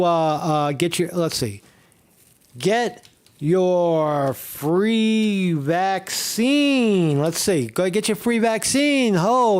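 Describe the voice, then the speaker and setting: A man hosting a livestream, ranting in a heated, profane way and repeating himself with many fillers. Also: high-pitched. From Northeast Pennsylvania. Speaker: streamer host.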